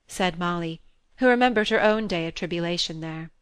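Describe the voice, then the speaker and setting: A woman reading a classic novel aloud as an audiobook narrator, in a measured, even storytelling manner. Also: lowish voice, clean tone, dry recording. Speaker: audiobook reader.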